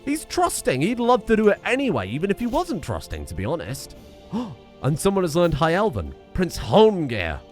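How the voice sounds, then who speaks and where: A man's voice: sits high, huge pitch swings, moderate pace, soft background music. A man giving casual commentary while playing a strategy game, rambling with wry, self-deprecating asides. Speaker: video game streamer. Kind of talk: casual let's-play commentary.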